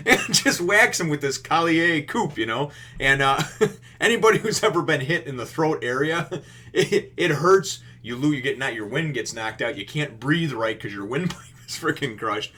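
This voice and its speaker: A man with a bright, tense edge to his voice retells a comic chapter in a loose, rambling review. He laughs through it, curses freely and acts out the scenes as he goes. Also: medium pitch. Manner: laughing often, profane, acting out the scenes. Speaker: manga reviewer.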